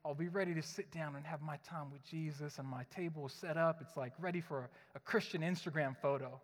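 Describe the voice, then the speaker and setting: High-voiced preacher in a reverberant church. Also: male voice, brisk. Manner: conversational, joking, animated storytelling. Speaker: pastor. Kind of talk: sermon. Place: church sanctuary. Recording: long hall reverb.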